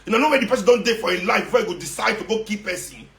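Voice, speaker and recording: A man's voice: sits high, racing, gravelly, fairly bright tone. Fiery Nigerian man in a roomy space. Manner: confrontational, sarcastic, repeats for emphasis; mixes in Nigerian Pidgin. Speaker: activist speaking to followers. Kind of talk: impassioned monologue. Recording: roomy echo.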